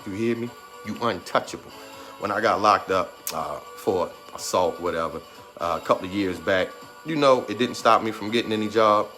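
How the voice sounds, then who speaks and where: A man's voice: fairly low pitch, a bit bright. Man, thirties, motivational talk, fervent and emphatic, near tears, music behind. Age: 30s. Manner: trying to hold back tears. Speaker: motivational speaker.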